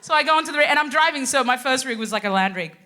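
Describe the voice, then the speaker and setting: A woman's voice: high voice, expressive, rapid-fire, pushed and bright, a little hiss or hum. A woman guest telling a brash, swearing comic story on a live stage, full of punchy asides. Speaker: guest comedian.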